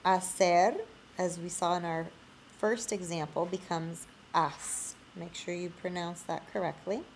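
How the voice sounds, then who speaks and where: A woman teaching a Spanish lesson in a screencast, explaining slowly. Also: on the low side, steady tone, creaky, darkish tone, a little hiss or hum.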